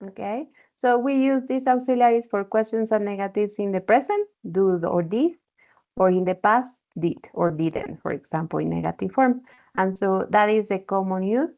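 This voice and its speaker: A woman's voice: mid-range voice, expressive, moderate pace, darkish tone. Woman, English teacher, patient explaining, muffled call audio. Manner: explains patiently, often checking with "okay?". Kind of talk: online class instruction.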